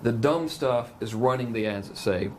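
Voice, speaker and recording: A man's voice: mid-range voice, moderate pace, darkish tone, slight background noise. A man from Georgia with a Southern accent, rambling and joking as a guest in a casual interview. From Macon, Georgia, US. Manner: rambling, jokey, full of "you know". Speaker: marketing guest.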